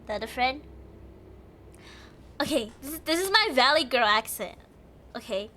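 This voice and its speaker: A woman's voice: high voice, expressive, measured pace, pauses often, bright, forceful tone. A young woman streaming a game, thinking aloud in casual chat, giggly and chatty. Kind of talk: casual live game commentary.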